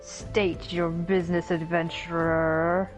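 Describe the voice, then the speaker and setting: A woman's voice: on the low side, level tone, takes it slowly, faint music behind. A woman voicing a stern, aloof cat-folk tribe leader from a video game, with a haughty, dry delivery.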